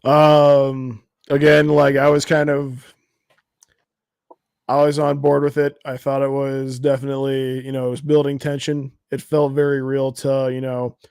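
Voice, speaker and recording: A man of middle pitch talks in a flat, even way, giving his opinions with plenty of hedging and filler words. The sound is dry and close to the mic. It feels like an informal panel chat. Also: measured pace, smooth, dry recording. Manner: hedging, fills with "like". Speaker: podcast panelist. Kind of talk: casual pop culture discussion.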